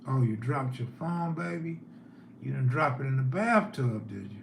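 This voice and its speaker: A man's voice: mid-range voice, lively intonation, normal speed, vocal fry, echoey room, noisy background. A man hosting a live stream, telling neighborhood stories in a laid-back way and reading chat aloud.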